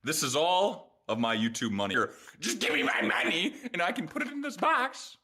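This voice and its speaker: A man's voice: on the high side, very animated, moderate pace, bright, forceful tone. A young man vlogging about his own life, blunt and profane, moving between joking and frustrated ranting. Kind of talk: casual personal vlog.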